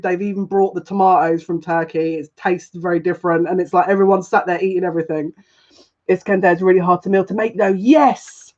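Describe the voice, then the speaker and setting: A woman's voice: fairly low pitch, darkish tone. A woman giving a casual live tarot reading as a psychic, chatty and rambling with frequent giggles. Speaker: psychic reader. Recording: dull lo-fi sound.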